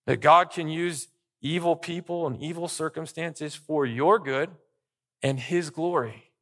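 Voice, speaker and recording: Man, pastor, sermon, gravelly voice, slightly high pitch, emphatic repetition. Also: measured pace, a bit bright. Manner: emphatic preaching with list-like repetition.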